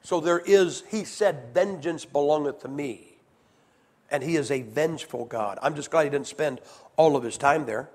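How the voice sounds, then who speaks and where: A high-pitched man preaches with swings from hushed, low delivery to loud, shouted emphasis. He acts out the voices he quotes with growing force, speaking directly to his congregation. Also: moderate pace. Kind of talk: sermon.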